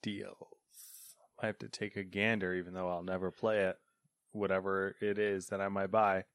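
A man's voice: deep voice, level tone, normal speed, a bit bright, clean tone, dry recording. A man co-hosting a casual gaming news podcast, answering with dry, laid-back quips. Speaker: podcast co-host.

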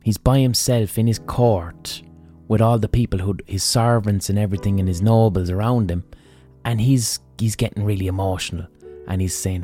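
A man's voice: lowish voice, normal speed, soft background music. An Irish man hosting a podcast, telling a story in a casual monologue, swearing freely and acting out quotes. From Ireland. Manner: swearing, animated retelling with mock quotes. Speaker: podcast host.

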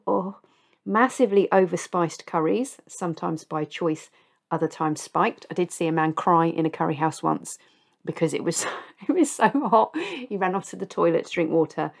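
Her voice is low and gravelly as she hosts her podcast. The middle-aged woman owns up to old mishaps in a relaxed, self-deprecating way, laughing along at her own anecdotes.

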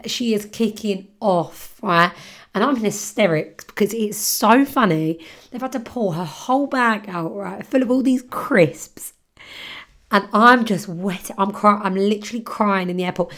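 A woman's voice: mid-range voice, normal speed, a bit bright. A young woman hosting a podcast, chatty and giggly, telling a story with casual swearing. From London, England. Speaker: podcast host.

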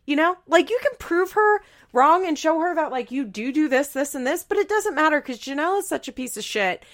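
A woman's voice: high voice, animated, fairly quick. A young woman hosting a podcast, casually recapping a reality show in a gossipy, swearing, chatty way. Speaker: podcast host.

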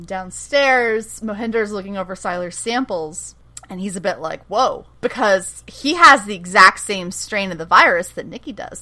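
A woman with a bright, forceful voice chats casually as a podcast co-host. She recaps a show with animated retellings and quoted dialogue, laughing often. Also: medium pitch. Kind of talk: casual chat.

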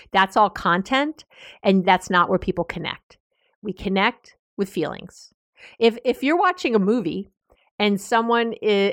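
American woman therapist chatting advice, lively, laughs a lot, mid pitch, dry sound. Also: no room sound. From United States. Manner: animated, laughing, restarting mid-sentence. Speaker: therapist and podcast host. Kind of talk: casual advice talk.

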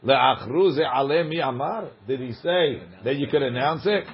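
A man's voice: medium pitch, normal speed, lo-fi sound. A man teaching a Talmud class, reading the Aramaic text aloud and explaining it in casual English.

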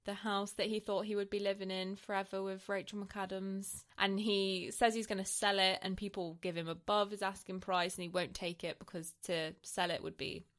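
A woman's voice: mid-range voice, moderate pace, hardly any pauses. Bubbly woman, casual chat. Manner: bubbly and animated, laughs easily and often. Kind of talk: casual chat recapping a film.

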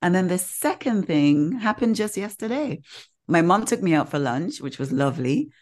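A woman co-hosting a podcast, telling a personal story in a casual, animated way and acting out the voices of the people in it. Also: lowish voice, moderate pace. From Caribbean. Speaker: podcast co-host. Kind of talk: casual chat.

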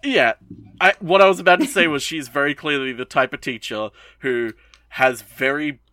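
A young man co-hosting a podcast, recapping an anime episode in a rambling, profane way and tossing in quick bits of mock dialogue. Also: a little high, pushed and bright, no room sound. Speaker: podcast co-host.

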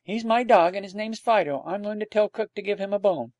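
A man's voice: sits high, a little fast, darkish tone, dry recording, highs cut off, voice pushed up, natural voice. Man doing a stubborn ten-year-old boy. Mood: insistent. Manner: insistent, eager.

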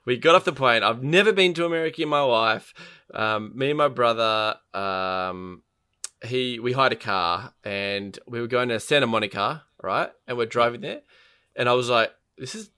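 Bright-voiced swearing man. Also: mid-range voice, moderate pace, clear, resonant tone. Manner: animated, heavy swearing, acts out quotes. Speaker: podcast co-host. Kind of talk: casual chat.

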